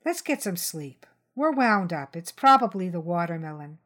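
A woman reading a story, voicing a mother who stays calm and reasonable while pleading with an angry man. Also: fairly low pitch, normal speed. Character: calm, reasonable mother trying to defuse danger.

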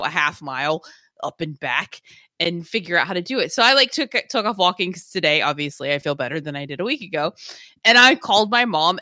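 Woman, 30s, podcast co-host, animated casual storyteller, sharp bright tone, dry close sound. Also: medium pitch, no echo. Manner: animated storyteller, swears freely, acts out quotes. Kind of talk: casual chat.

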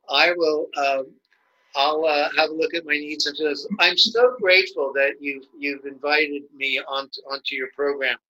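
A male guest who teaches nonviolent communication is interviewed conversationally, his speech halting with many restarts as he acts out quoted examples. His voice is on the high side, steady, pushed and bright, on a rough recording.

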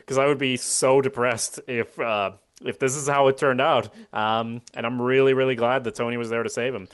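A man co-hosting a casual podcast recap, animated and acting out his reactions, with casual swearing. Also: medium pitch, moderate pace, clear, resonant tone. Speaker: podcast co-host.

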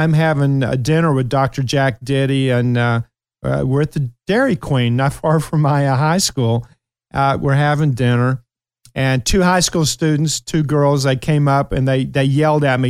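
A man's voice: on the high side, clear, resonant tone, no room sound, clean studio sound. A middle-aged man with a Kentucky accent, hosting a talk show and telling emotional stories with many fillers. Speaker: show host. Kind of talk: casual radio talk show chat.

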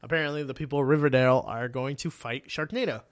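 A man's voice: mid-range voice, fast talker. A man in casual chat, animatedly retelling a comic plot, swearing freely and acting out the characters' lines.

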